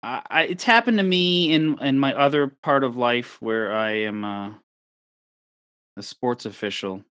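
A man co-hosting a casual chat, a comedy show producer who is also a sports official, easygoing and measured. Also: mid-range voice, a bit bright, no echo, dull audio.

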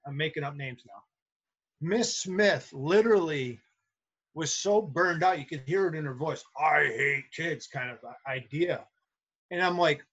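A man's voice: a little high, husky. Earnest storytelling man, dull lo-fi sound. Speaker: substitute teacher and guest. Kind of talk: casual storytelling interview.

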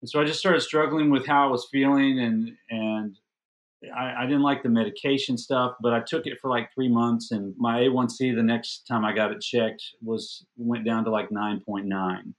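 Guesting on a podcast, a middle-aged man with a mid-range voice recounts something from his own life at normal speed. He's relaxed, lively, and pokes fun at himself, repeating words when excitement takes over.

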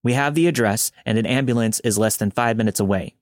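A man voicing a calm female emergency dispatcher giving steady instructions. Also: fairly low pitch, fast talker, no room sound, studio quality, lightly acted.

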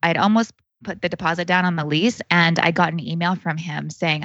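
Woman, 30s, podcast guest, chatty storytelling, fast, dull dry audio. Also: lowish voice, steady tone, fairly bright tone, no echo. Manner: chatty, heavy use of "like", acts out quoted speech. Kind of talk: casual storytelling conversation.

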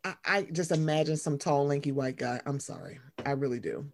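A young woman co-hosting a podcast in casual chat. She rambles, reads a story aloud, and does high-pitched impressions of her mother. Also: fairly quick, a little mellow, a little hiss or hum. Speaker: podcast co-host.

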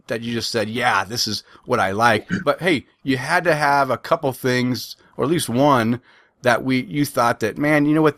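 A man's voice: mid-range voice, no echo. A man hosting a podcast, asking a guest questions in a chatty, rambling way with frequent restarts. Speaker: podcast host. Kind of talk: casual interview chat.

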